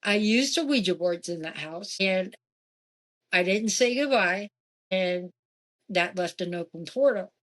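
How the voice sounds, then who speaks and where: A woman, probably in her forties, casually recounting her experiences in a haunted house, animated and lively when she quotes other people. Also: unhurried. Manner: animated, jumping in pitch for quoted voices. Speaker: guest. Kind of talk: casual storytelling.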